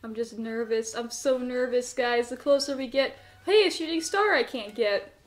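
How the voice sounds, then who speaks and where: The gaming channel host has a fairly high voice and talks at a normal speed during her let's-play. Nervous, easygoing chatter fills the session. She laughs often and talks to the character she's controlling.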